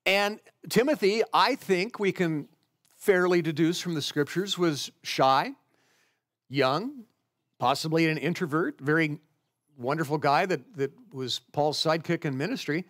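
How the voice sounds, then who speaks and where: A middle-aged pastor with a fairly high voice preaches to his church. He talks through the passage verse by verse in an easy, conversational way and stops to explain each line. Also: lively intonation, a little slow, a bit bright. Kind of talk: sermon.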